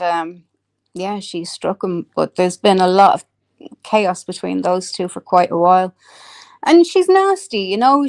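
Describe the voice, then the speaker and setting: A woman's voice: fairly low pitch, a little mellow. Irish woman on a livestream, gossipy and sweary, laughs a lot, answers chat. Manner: chatty, swearing freely, laughing often, reading out chat comments. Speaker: livestreamer chatting with viewers. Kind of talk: casual live-stream chat.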